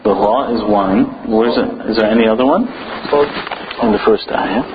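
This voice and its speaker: A man teaching pronunciation in a classroom, patient and encouraging, repeating sounds slowly for his students. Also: fairly low pitch, expressive, dull audio, background noise. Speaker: Quran recitation teacher.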